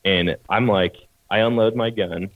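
A man with a low, deep voice tells a hunting story in a relaxed, plain-spoken way. The sound is dry, with no room echo. It is a little muffled. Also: unhurried. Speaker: podcast co-host, hunter. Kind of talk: casual storytelling.

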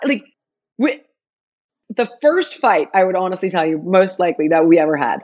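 Woman, guest storyteller, animated, acts out the dialogue, slightly low voice, lo-fi sound. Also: moderate pace, pauses often. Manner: animated, acts out quoted dialogue with big pitch jumps. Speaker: guest telling her story. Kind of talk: emotional personal storytelling.

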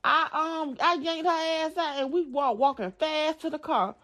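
A woman, telling a story to her viewers in a blunt, profane, animated way. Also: sits high, unhurried. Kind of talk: casual storytime vlog.

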